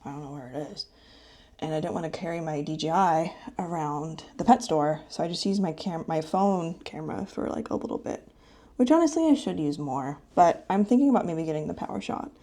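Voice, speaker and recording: A tired young woman vlogging casually to camera from her bedroom late at night, rambling and now and then dropping to a soft whisper. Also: sits low, expressive, fairly quick. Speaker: vlogger and streamer. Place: bedroom at home. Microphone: handheld vlog camera.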